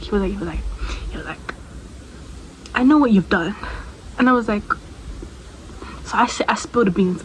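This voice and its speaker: A woman's voice: mid-range voice, poor audio. A young woman tells a personal story straight to her viewers in a loose, rambling way, often stopping to ask them something. Her voice sits in the middle range, and a faint hiss runs under the recording. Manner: chatty and rambling, with asides to the viewer. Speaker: storytime vlogger. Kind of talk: casual storytime chat.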